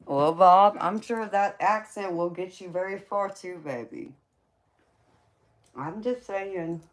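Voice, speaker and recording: A tarot reader with a Southern US accent and a mid-range voice hosts a casual livestream chat, teasing her viewers and calling them baby.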